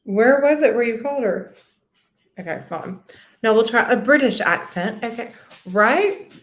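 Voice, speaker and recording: A woman's voice: on the high side, expressive, moderate pace, echoey room. A woman hosting a live stream in a casual, blunt, profane, gossipy way.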